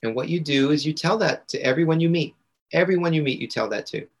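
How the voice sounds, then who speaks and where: A man's voice: a little high, quick pace, breathy edge. A man being interviewed on a podcast, telling a personal story in an earnest way and repeating phrases for emphasis. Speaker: podcast guest, integration coach.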